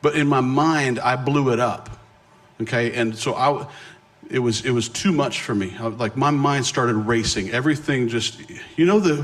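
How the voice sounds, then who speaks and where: Speaking at medium pitch, this middle-aged guest preacher shares something from his own life in a sermon. He pokes fun at himself, stays lively, and often restarts his sentences quickly.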